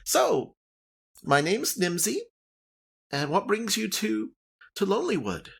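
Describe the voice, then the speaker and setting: A woman's voice: mid-range voice, very animated, slow pace, vocal fry, breathy edge, pitched above the performer's own voice, heavily acted. A man voicing a cheerful, fussy halfling woman who leads her town, chirpy and hospitable. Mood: welcoming.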